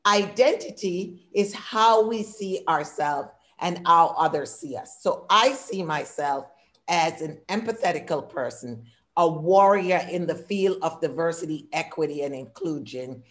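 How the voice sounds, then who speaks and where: This diversity consultant and workshop speaker is an immigrant woman in her sixties whose low voice carries lively intonation at a measured pace. Presenting a workshop over a video call, she talks warmly and at length, breaking her points into brief lists, and her English has a noticeable non-native accent.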